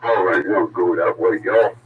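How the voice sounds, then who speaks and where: A man's voice: low voice, measured pace. A man in a loose, casual CB radio chat, calling out to other operators. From South Carolina, US. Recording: distant, muffled CB radio with loud static.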